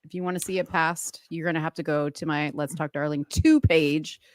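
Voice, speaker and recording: Brief: woman co-host, lowish voice, giggly and animated, close dry sound. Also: a little fast, no room sound. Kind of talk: casual live-stream chat.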